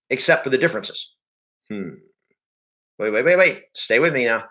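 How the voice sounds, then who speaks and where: A man leading a live sales training session, energetic and emphatic, repeating key points and speaking straight to his audience. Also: fairly high pitch. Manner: addresses the audience directly. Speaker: real estate sales coach.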